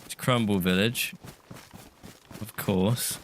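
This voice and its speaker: A man's voice: lowish voice, steady tone, slow pace, slight background noise. A man co-streaming a survival game, chatting in a wry, offhand, grumbling way. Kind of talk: casual live gameplay chat.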